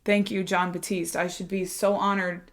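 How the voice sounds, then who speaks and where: A woman talking casually and excitedly to her viewers while reacting to an album. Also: mid-range voice, normal speed. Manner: chatty and excitable, talks to viewers directly. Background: faint music playing.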